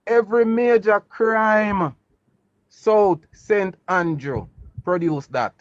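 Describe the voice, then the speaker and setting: A high-pitched Jamaican man argues politics with combative insistence, hammering his points again and again in Patois-tinged speech. His voice comes through dry and muffled, like a call-in line. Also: slow pace, dry recording. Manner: combative, repeats himself, Jamaican Patois phrasing. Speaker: political caller. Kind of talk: heated political debate.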